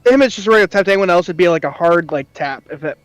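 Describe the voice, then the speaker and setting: Guy playing a tabletop game, lots of uhs, high smooth voice, dry sound. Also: animated, no room sound. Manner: hesitant, halting, many fillers. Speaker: player.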